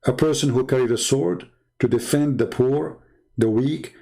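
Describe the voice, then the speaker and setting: A Christian apologist from the Middle East, he talks in a warm, gravelly mid-range voice at normal speed. His English monologue is casual, emphatic and repetitive, with broken grammar.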